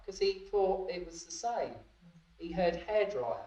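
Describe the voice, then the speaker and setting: A man's voice: fairly high pitch, lively intonation, measured pace, warm tone. A man giving a training talk, often laughing and checking that his listeners follow. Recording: echoey room, distant dull mic.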